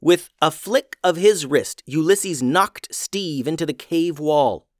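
A man narrating a fantasy story in an expressive storytelling voice. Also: on the high side, slow pace, dry recording, studio quality.

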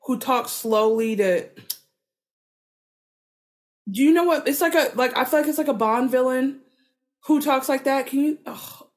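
A woman's voice: high voice, a little slow, pauses often. A woman co-hosting a podcast, chatting casually in a rambling, profane way full of filler words. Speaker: podcast co-host. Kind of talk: casual chat.

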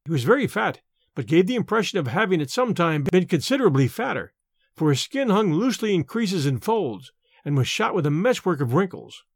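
A man narrating a classic horror story with a dramatic, expressive reading. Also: high voice, brisk, slightly rough, no room sound, studio quality.

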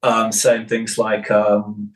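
A film director in casual interview chat, relaxed, with many fillers and restarts. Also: male voice, fairly low pitch, takes it slowly, poor audio.

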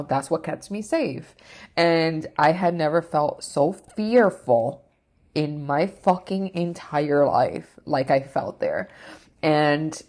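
A woman's voice: low-pitched, darkish tone. A woman vlogger telling a personal story in an emotional, rambling way, with lots of fillers and the odd swear.

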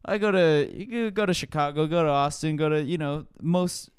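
Halting, smooth-voiced comedian man. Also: a little high, dry recording, clean studio sound. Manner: halting, restarts and swears. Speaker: comedian, podcast co-host. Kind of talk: casual chat.

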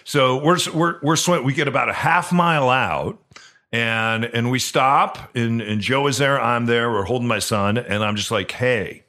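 A man co-hosting a podcast who tells a personal story in earnest, halting speech full of restarts. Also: medium pitch, bright, forceful tone. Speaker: podcast co-host. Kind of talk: storytelling in casual chat.

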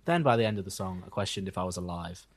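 A young man co-hosting a podcast, giving wry, deadpan song reviews. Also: sits low, fast talker. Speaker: podcast co-host. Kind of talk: casual music review chat.

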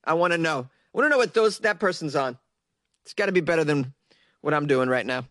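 A man's voice: a little high, animated, a little fast, fairly bright tone, no echo. A young man hosting a comedy show, stoned and giggly, riffing sarcastically on odd news stories. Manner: laid-back, giggly, sarcastic.

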